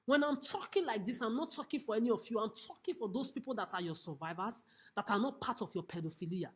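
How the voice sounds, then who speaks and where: A woman's voice: fairly high pitch, lively intonation, fast talker. Furious woman ranting at her accusers. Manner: accusatory, repetitive, cursing. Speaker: vlogger. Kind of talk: angry direct-to-camera rant. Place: homeless shelter, seated on a chair.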